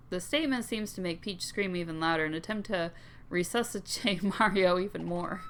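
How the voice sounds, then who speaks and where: A woman's voice: mid-range voice, expressive, moderate pace, fairly bright tone. A woman reading a visual novel aloud, moving between the story's narration and her own playful, giggly remarks, and saying herself that she can't do accents. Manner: playful, giggly, does voices half-heartedly. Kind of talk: reading game dialogue and narration aloud with commentary.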